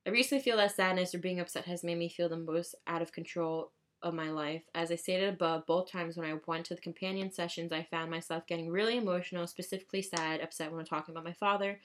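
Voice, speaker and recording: A young woman vlogging in casual chat, profane and chatty, rising into excited high bursts. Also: quick pace.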